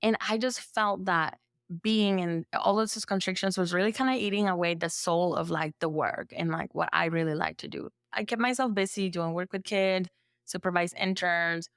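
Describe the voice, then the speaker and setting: A woman therapist from El Salvador, speaking as a podcast guest in a relaxed storytelling way, full of "like" fillers and lively acted-out quotes. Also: on the low side, moderate pace, clean tone, no room sound, clean studio sound. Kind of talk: conversational storytelling.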